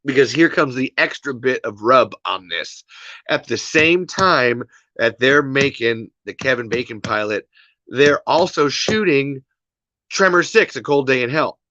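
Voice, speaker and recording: A man rants casually on a livestream, exasperated and rambling, going back over the same points. His voice has a bright, forward edge. The recording is dry and a little dull, like a home mic. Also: medium pitch, lively intonation, a little slow, no room sound. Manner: exasperated, rambling, repeats himself. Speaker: podcast host.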